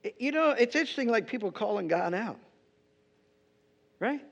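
A man with a notably high voice teaches a sermon in a chatty, conversational way and checks in with his listeners as he goes. The recording is muffled and lo-fi. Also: lively intonation, normal speed, gravelly, fairly bright tone. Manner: conversational, keeps asking "right?". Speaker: pastor. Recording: dull lo-fi recording.

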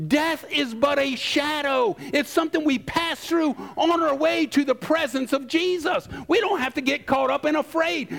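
A man preaching a sermon, emphatic, acting out quotes and pausing for effect. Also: extremely high pitch, vocal fry, fairly bright tone. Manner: emphatic, acts out quotes, dramatic pauses.

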